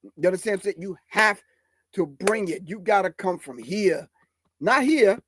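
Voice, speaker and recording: A man with a raspy voice talking casually and bluntly to a live audience about a beat in his studio, cursing and checking that they follow. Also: high voice, animated, moderate pace, background noise. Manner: blunt, profane, emphatic, keeps asking if you follow. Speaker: hip hop artist and producer.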